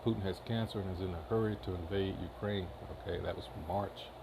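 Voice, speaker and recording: A man's voice: low-pitched, fairly even intonation, fast, vocal fry, background noise. A man reading news headlines aloud in casual commentary, with many filler uhs and short asides. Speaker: commentary channel host.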